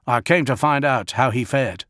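A man's voice: medium pitch, moderate pace, fairly bright tone, no echo, clean studio sound, voice pushed up, natural voice. A man voicing a flustered male household guard commander who speaks anxiously and deferentially, stammering, as an audiobook character voice.

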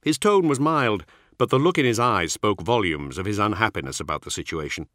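Deep-voiced male audiobook narrator. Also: sing-song, fairly quick, a bit bright, no room sound, clean studio sound.

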